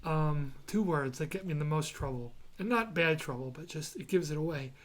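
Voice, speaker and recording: A man's voice: a little high, expressive, brisk. A man with a New York accent hosting a podcast, chatting casually and telling stories with frequent restarts. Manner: rambling, restarts, storytelling. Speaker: podcast host. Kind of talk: casual chat.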